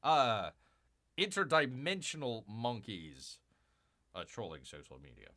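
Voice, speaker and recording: A man hosts a live stream, reading news aloud and breaking into sarcastic, mocking asides. His medium-pitched voice swoops wildly, sounding pushed and bright at a measured pace, and he rambles with frequent fillers and restarts.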